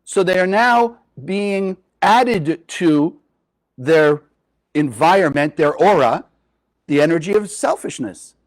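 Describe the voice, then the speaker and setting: A man giving a spiritual Kabbalah teaching to a live group, lively and often asking his listeners questions. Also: fairly high pitch, slow. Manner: animated, asks the audience questions.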